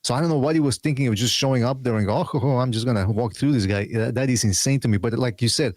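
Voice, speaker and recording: A man's voice: medium pitch, a little mellow, dry recording, studio quality. A man hosting a casual podcast panel chat, rambling and restarting his sentences with many fillers. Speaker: podcast host.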